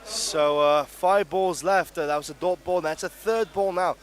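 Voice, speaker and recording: A man's voice: high voice, steady tone, a little slow. A man co-commentating a cricket match, asking questions and reacting with enthusiasm. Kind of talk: live sports commentary.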